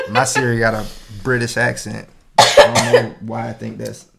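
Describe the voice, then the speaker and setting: A man's voice: medium pitch, level tone, moderate pace, gravelly, a crowd in the background. A man co-hosting a podcast in casual chat, rambling and joking with lots of "you know" fillers. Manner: joking, laid-back. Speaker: podcast co-host.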